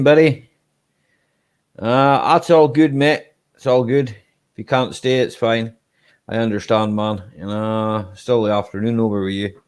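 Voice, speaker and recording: A Scottish man hosting a casual live-stream chat, relaxed and chatty, laughing easily and tagging his sentences with "eh?". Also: medium pitch, smooth. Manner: relaxed and chatty, ends lines with "eh?".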